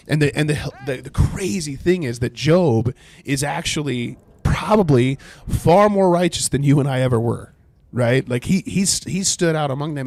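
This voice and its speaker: A man's voice: mid-range voice, vocal fry, a little mellow, no room sound. A man leading a livestreamed Bible study, earnestly reading scripture aloud and explaining it, now and then thanking viewers in chat.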